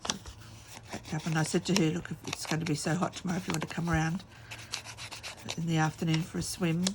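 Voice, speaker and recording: Aussie lady rambling on while she crafts, low gravelly voice, bit of hiss behind. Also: level tone, quick pace. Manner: rambling storytelling with many fillers. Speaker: craft vlogger. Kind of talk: casual chat while crafting.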